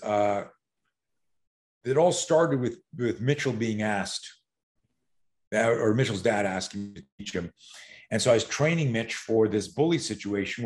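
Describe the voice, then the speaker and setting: A man in his sixties telling stories as a podcast guest. He is animated and profane, and he acts out quotes. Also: medium pitch. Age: 60s. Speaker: self-defense expert guest. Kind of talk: podcast storytelling.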